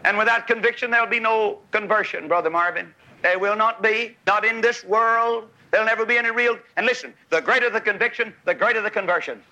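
Fiery revival preacher, bright voice. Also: male voice, high voice, brisk, dull audio. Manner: fiery, exhorting, swings from soft to shouting. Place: large revival tent.

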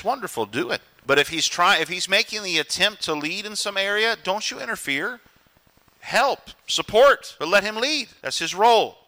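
A man preaching a sermon as pastor, often acting out quotes in other voices. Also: a little high. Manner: animated preaching, acts out quotes.

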